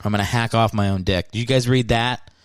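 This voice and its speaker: This man, hosting a podcast, wanders through a casual, self-mocking monologue. He speaks fairly quickly in a smooth, steady, medium-pitched voice with no echo.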